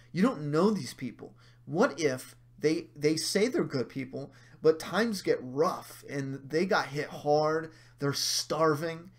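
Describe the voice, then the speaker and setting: A man hosting a casual livestream, his voice sitting a touch high for a man. He swears freely and works himself up into heated rants full of mocking asides, then answers viewer chat in an easy, offhand way.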